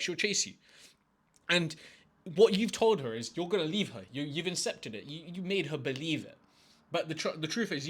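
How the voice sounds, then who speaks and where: A man's voice: fairly high pitch, a bit bright, breathy edge. A man giving dating advice in a casual vlog, talking in a brash, crude, emphatic way and swearing often. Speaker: dating coach.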